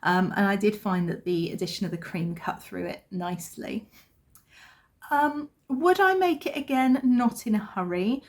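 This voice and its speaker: A woman's voice: medium pitch, moderate pace. Woman in her thirties, casual vlog chat, storytelling, self-deprecating, chatty. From England. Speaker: vlogger.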